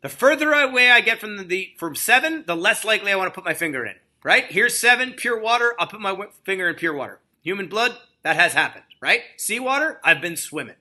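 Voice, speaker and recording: A male biology teacher narrates a lecture screencast with a high, bright voice. His pitch swings up and down as he explains, and he drops in playful asides. He keeps checking in with "okay?" and "right?". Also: fairly quick, hardly any pauses. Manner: lively, jokey asides, frequent "okay?" and "right?".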